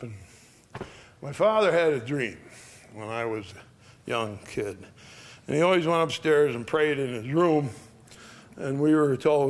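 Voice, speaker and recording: Older man telling folksy stories. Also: medium pitch. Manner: folksy, plain-spoken, gentle with frequent pauses. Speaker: speaker on death and dying. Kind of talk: casual storytelling talk.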